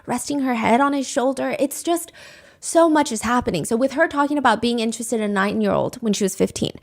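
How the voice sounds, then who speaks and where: A woman with a somewhat high voice tells a true crime story on a podcast. She talks in a chatty, animated way and slips into a mocking voice whenever she reads out a quote. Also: a little fast, creaky. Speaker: podcast host.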